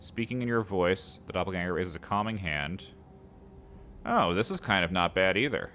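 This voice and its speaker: A man with a fairly low voice reads a game's text aloud at his desk mic, then drops into playful, chatty asides to viewers. Faint game music plays softly behind him. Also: lively intonation, moderate pace. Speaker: let's play host.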